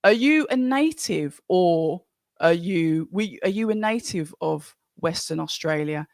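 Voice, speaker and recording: Birmingham accent, livestream host, casual chatty commentary, mid-pitched voice, dry close sound. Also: expressive, a little slow, vocal fry, a little mellow, no echo. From Birmingham, England. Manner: chatty, rambling, greets viewers by name. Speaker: livestream watch-along host. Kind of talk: casual live commentary and chat reading.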